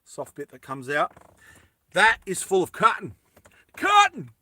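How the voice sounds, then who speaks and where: A man talking through a hands-on fix in a loose, rambling way, full of asides and self-corrections. His voice sits a bit high and sounds bright and forceful. The sound is dry, with no room echo. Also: lively intonation, normal speed. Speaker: lighter repair vlogger. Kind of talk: casual how-to chat.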